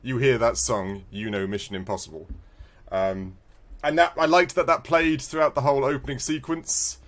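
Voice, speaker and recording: A man's voice: medium pitch, moderate pace. A man co-hosting a podcast, chatting casually about retro games and telling stories with frequent laughter. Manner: animated, laughing storyteller. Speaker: podcast co-host.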